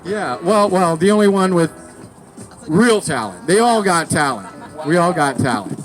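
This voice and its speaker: A man's voice: fairly high pitch, lively intonation, moderate pace, faint music behind. A man hosting an outdoor comedy show in a park, rambling and joking as he introduces the comedians. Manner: rambling, joking, stumbles over names. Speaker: show host. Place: outdoors in a city park under a tree.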